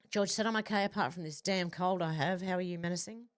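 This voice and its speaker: A woman hosting a livestream, reading out viewer comments in casual chat with quick, chatty asides. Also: fairly low pitch. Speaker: livestream host.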